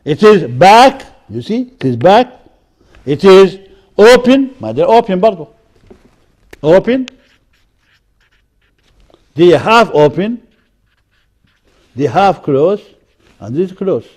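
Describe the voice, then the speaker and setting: Slow, high-voiced male lecturer. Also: darkish tone. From Sudan. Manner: deliberate, drills example words one by one. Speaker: university lecturer. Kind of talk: recorded university lecture.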